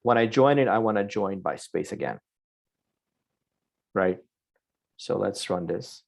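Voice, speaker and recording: Low, gravelly-voiced coding teacher. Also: male voice, measured pace. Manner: explains step by step, often checks in with "right?". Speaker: programming instructor. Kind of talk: live online coding lesson.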